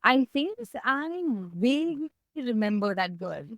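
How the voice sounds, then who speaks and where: A woman speaking in a candid, heartfelt way about her own past, reflective and emotional, her voice close to tears at times. She sits a little high for a woman. The sound is dry and close, with no room around it. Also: sing-song, unhurried, a bit bright, no echo. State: tearing up. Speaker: guest. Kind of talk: candid personal conversation.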